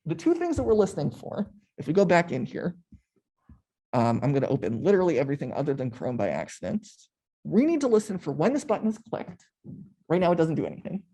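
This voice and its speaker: Lively young man teaching live code. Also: fairly high pitch, fast talker, breathy edge. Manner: explains step by step, casual and chatty. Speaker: workshop instructor. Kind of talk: live coding tutorial.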